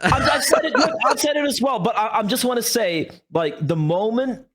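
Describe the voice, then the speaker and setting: A man's voice: very high-pitched, animated, brisk, a crowd in the background. A young man co-hosting a casual podcast, ranting with swearing and mock quotes. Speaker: podcast co-host.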